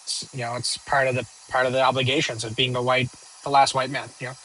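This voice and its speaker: A man's voice: medium pitch, level tone, fast talker, pushed and bright, poor audio. A young man streaming live, casually answering viewer questions in a rambling, joking way full of fillers and restarts. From northern United States.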